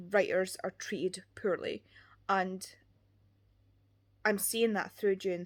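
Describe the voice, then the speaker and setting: Earnest young Scottish woman book vlogger, mid pitch, rambling casual delivery. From Scotland. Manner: earnest, rambling, many "like" fillers. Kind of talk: casual chat.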